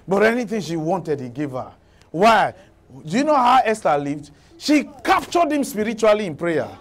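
A man's voice: sits high, normal speed. A man preaching a sermon, telling stories and scolding his listeners with laughter in between. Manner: animated storytelling, laughing at his own points, scolding.

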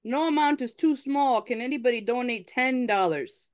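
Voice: medium pitch, normal speed. An event host running a live fundraising appeal at a town hall, upbeat, coaxing and chatty.

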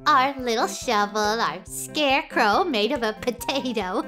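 A woman playing a sweet, gentle character in a children's educational show. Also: fairly high pitch, a little slow, faint music behind.

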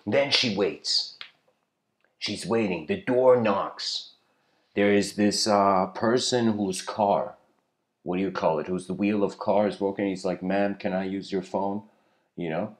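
A man giving a casual spiritual lecture, rambling, with frequent "you know"s and throat-clearing. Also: on the low side, a little slow.

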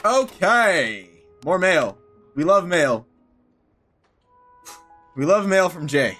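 A chatty young man giving let's-play commentary, his voice high and lively, thinking aloud as he plays. Game music runs faintly behind him. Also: extremely slow, long pauses. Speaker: gaming streamer.

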